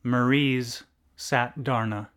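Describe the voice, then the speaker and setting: A man reading a literary story aloud in a deliberate, deadpan narration. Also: mid-range voice, clear, resonant tone.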